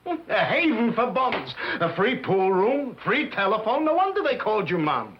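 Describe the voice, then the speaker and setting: An actor playing an indignant middle-aged husband in a 1950s TV sitcom, emphatic and scolding in an exasperated way. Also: male voice, high-pitched, sing-song, moderate pace, slight background noise. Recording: dull lo-fi 1950s TV sound.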